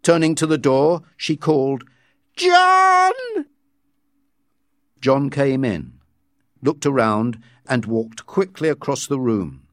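A man reading a story aloud with measured scripted narration. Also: medium pitch, darkish tone, no room sound, clean studio sound. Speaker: audiobook reader.

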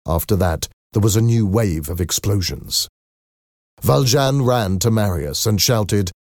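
Deep, slow storybook narrator. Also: male voice, a little mellow, no room sound, clean studio sound.

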